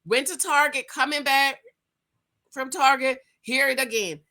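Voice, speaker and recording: Middle-aged woman vlogger, lively storyteller, sharp tense tone, casual talk to camera. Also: a little slow. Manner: animated storyteller, big swings in pitch and loudness. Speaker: channel host. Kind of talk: casual vlog monologue.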